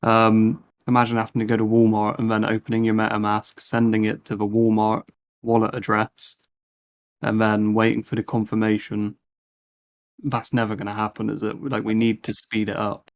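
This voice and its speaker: A man's voice: fairly low pitch, completely flat delivery, normal speed. A man, talking in a casual podcast panel discussion, chatty and fond of tag questions.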